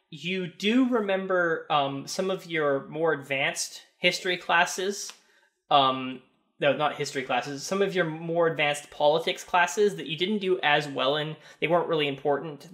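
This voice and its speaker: Young guy game master, bright voice, lots of ums and restarts, kinda high. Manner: hesitant, many ums and restarts. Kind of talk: narrating a tabletop game.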